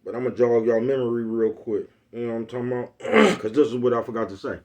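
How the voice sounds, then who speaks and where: A man's voice: mid-range voice, quick pace, a little mellow. Blunt profane man with an Oakland accent. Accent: Bay Area Black American English. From East Oakland, California. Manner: blunt, profane street talk, repeats "you know what I'm talking about". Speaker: vlogger. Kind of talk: casual monologue.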